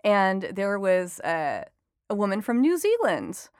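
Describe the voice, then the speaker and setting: Speaking slowly with huge pitch swings, the woman has a medium-pitched, clear, resonant tone as she answers interview questions chattily. The entertainment reporter and author laughs a lot and fills gaps with ums, captured on a dry, close mic with no room sound.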